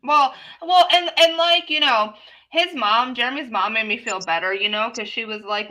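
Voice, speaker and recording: Bright animated woman, swearing storyteller. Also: on the high side, normal speed, poor audio. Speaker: co-host. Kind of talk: casual chat on a live stream.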